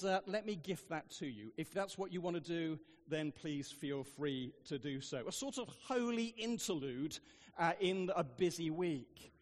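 A man's voice: high-pitched, big-room sound. A man preaching a sermon, telling funny stories with dry asides, in a church. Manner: humorous storytelling, dry asides.

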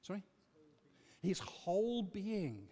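A man leading an interactive sermon, questioning the congregation in an animated, emphatic way. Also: high voice, slow. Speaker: preacher leading a Bible study. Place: church. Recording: echoey church hall.

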